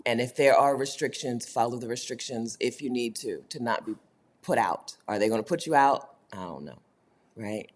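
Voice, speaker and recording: Livestream host, woman, low voice with lively swings, chatty and quick to laugh. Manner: chatty, laughs often, talks straight to viewers. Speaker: host of a livestream for her community. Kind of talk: casual livestream chat, reading viewer comments.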